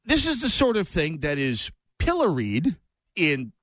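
A man's voice: a little high, wildly swooping pitch, unhurried, a bit bright, no echo. A middle-aged man hosting an opinion talk radio show, talking in a digressive way with sarcastic asides.

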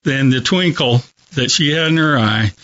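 A man speaks as a hospice chaplain, telling stories with a gentle, measured earnestness. His voice sits at a mid pitch, and the broadcast audio is dull and lo-fi. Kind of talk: storytelling in a talk show interview.

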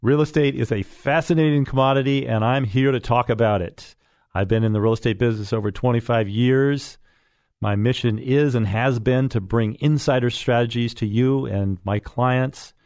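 A man's voice: medium pitch, normal speed, a little mellow, no room sound, clean studio sound. A middle-aged man hosting a radio real estate show, chatting casually in a folksy way with many fillers. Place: radio studio.

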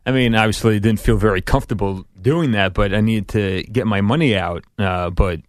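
A man's voice: fairly low pitch, brisk, no echo. A man from Staten Island, a guest on a casual podcast, talking hesitantly with many fillers. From Staten Island, New York.

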